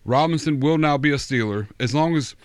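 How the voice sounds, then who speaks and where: A man co-hosting a casual football talk show, agreeable and quick to chime in. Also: a little high. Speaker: podcast co-host. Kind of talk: casual sports chat.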